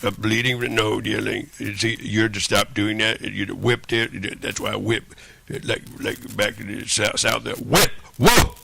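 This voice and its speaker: A man's voice: lowish voice, fairly even intonation, a little slow, gravelly, background noise. A man delivering a rambling, profane monologue, looping back and repeating phrases over and over. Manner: profane, repetitive, rambling rant.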